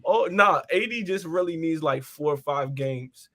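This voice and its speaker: Man, higher-leaning voice, casual sports talker, filler-heavy. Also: expressive, a little slow, pushed and bright, no room sound, studio quality. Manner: conversational, uses fillers like "like" and "I mean". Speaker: sports podcast co-host.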